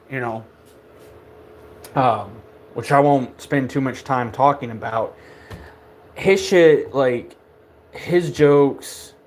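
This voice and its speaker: Young man, middle pitch, casual podcast rant, profane, scornful, rambling, stammering restarts. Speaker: podcast host. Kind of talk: casual ranting monologue.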